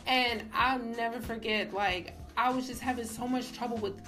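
A woman's voice: on the high side, steady tone, normal speed, sharp tone, soft background music. Emphatic young woman sharing testimony. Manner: casual, emphatic, says "like" often. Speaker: faith vlogger. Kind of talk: personal testimony talk.

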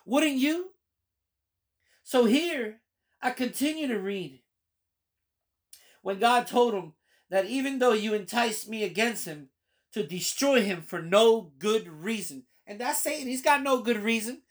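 A man's voice: very high-pitched, lively intonation, measured pace, pauses often. Fervent pastor man preaching testimony. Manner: fervent, emphatic, repeats key phrases. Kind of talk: personal testimony sermon reading scripture.

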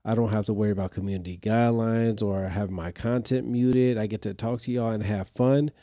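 Mellow low-voiced man telling a story. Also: a little fast, no room sound, clean studio sound. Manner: animated, exasperated retelling; speaks straight to listeners in slang. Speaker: podcast host. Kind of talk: casual storytelling.

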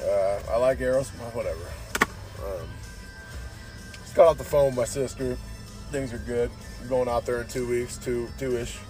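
Over music, a male podcast host of medium pitch speaks at a moderate pace with frequent pauses. He's laid-back and rambling, profane throughout, and says "dude" to everyone all the time.

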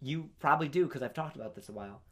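A man co-hosting a casual chat podcast. He tells his stories with lots of swing in his pitch. Every so often he breaks into loud, laughing outbursts. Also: racing. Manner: animated storytelling, bursts into loud laughing exclamations. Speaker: podcast co-host.

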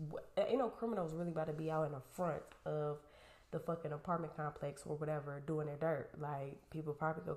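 A woman with a low, heavy voice tells a storytime straight to her viewers. She is animated and profane throughout. Her voice bounces around a roomy space. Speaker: vlogger. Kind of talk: storytime rant. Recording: roomy echo.

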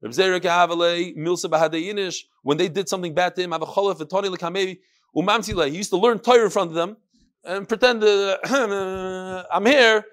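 A man giving a lively Talmud class, reading the Aramaic and then telling the story in English, acting out the characters as he goes. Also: high-pitched, a little fast. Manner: animated storytelling, acts out the characters. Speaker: Talmud teacher.

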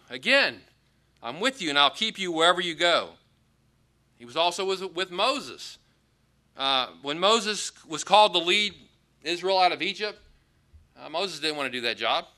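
Bright-toned man preaching a sermon. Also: high voice. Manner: conversational preaching, acts out quoted lines with rising emphasis. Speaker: pastor. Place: auditorium.

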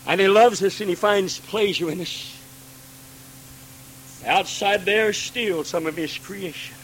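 A man preaching a Pentecostal sermon, swinging from hushed pleading to ringing cries and acting out God's pleading voice. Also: sits high, unhurried, a little hiss or hum, rough recording.

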